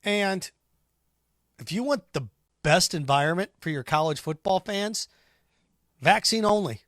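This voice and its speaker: A man with a high, bright-pitched voice rants through a sports talk monologue, combative and sarcastic. He fires rhetorical questions and scoffs at his critics. The sound is dry and close. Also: expressive, unhurried, dry recording. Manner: combative, sarcastic, mocks imagined callers in put-on voices. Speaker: sports radio host.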